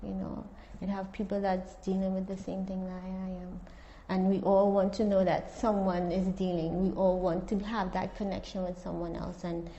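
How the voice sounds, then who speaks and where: A woman therapist, the guest in a casual interview, talks earnestly and reflectively about working with her clients. Her voice is medium-pitched and mellow, and the audio is dull.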